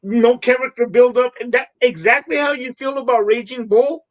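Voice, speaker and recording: Brief: high male voice, halting, laughs easily, casual film chat. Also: low-quality recording. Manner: stammers, restarts, laughs easily. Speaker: podcast co-host. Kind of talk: casual movie debate.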